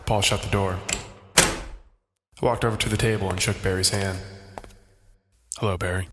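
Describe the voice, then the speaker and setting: An actor playing a wisecracking private detective who narrates in a dry, hard-boiled way and grows exasperated. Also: male voice, sits low, steady tone, moderate pace, fairly bright tone, slight background noise. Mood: wry narration. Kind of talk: comedy noir audio drama.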